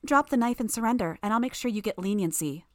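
A woman's voice: fairly high pitch, lively intonation, quick pace, dry recording, studio quality, voice pushed up, close to an everyday voice. A woman voicing a cocky, confident teenage superheroine in an audiobook reading, with a breezy, teasing manner. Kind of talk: audiobook character voice.

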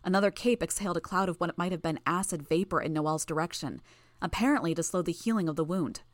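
Low-voiced woman narrating a story. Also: fast, no echo. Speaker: audiobook narrator. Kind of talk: scripted narration.

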